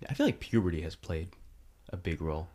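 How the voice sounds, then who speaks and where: A man's voice: deep voice, fairly quick. A young man telling a long, rambling story in casual chat, filling his talk with "like". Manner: animated, rambling, lots of "like".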